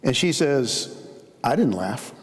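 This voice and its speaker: A man's voice: mid-range voice, big pitch swings, slow. A man preaching a sermon as a pastor, telling stories in a conversational way. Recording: long hall reverb.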